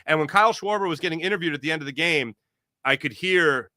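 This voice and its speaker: A man's voice: on the high side, quick pace, no echo, clean studio sound. Upbeat man hosting a sports podcast. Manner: energetic, rambling, jokey. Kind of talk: live postgame chat reading viewer comments.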